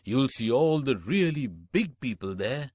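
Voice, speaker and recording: A woman putting on a hesitant, deep-voiced husband. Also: very animated, a little slow, darkish tone, husky, dry recording, exaggerated voice. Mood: eager. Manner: hesitant, stammering. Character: timid, doting clerk husband, man.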